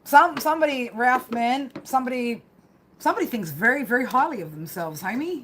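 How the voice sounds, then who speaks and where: A tarot reader with a fairly high, animated voice talks a little fast during a live stream reading, with noise in the background. She rambles casually, swears, and constantly tags her phrases with "right?".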